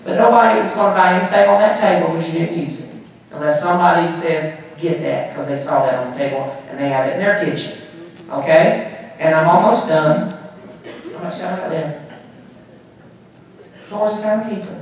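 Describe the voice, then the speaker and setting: A man speaks to a conference crowd in a high, bright register, bantering and joking as he runs through sales tips. He stands well away from the mic. The big hall rings with a heavy echo around him. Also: distant mic, a little hiss or hum. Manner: animated, joking, quick asides and crowd banter. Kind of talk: motivational sales talk to an audience.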